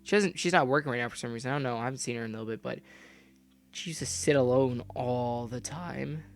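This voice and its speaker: A young man reading a game story aloud and breaking off into profane, loud comments. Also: medium pitch, fast talker. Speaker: gamer reading a visual novel aloud.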